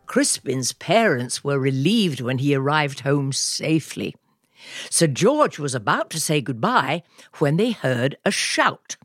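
A woman host reading a children's storybook aloud in a gentle, expressive way. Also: low-pitched, takes it slowly, slightly rough, dry recording, clean studio sound. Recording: music bed under the voice.

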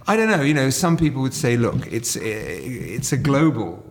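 A middle-aged man with a British accent talks through a story in a relaxed podcast chat. He pauses and restarts often as he searches for words, at an ordinary pitch. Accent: British English. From England. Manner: anecdotal, hesitant restarts. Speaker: actor guest. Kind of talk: casual chat.

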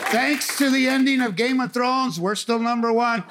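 A man's voice: extremely high pitch, moderate pace. A man doing a stand-up comedy set, talking in punchy slang with a laugh in his voice. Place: comedy club stage. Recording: live club audience and crowd noise.

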